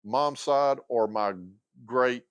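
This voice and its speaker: A man's voice: mid-range voice, slow pace, clean tone, no room sound. A man in his fifties hosting a casual livestream chat, rambling, losing his train of thought and filling gaps with lots of uhs and restarts. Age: 50s. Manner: hesitant, many fillers and restarts. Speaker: livestream host.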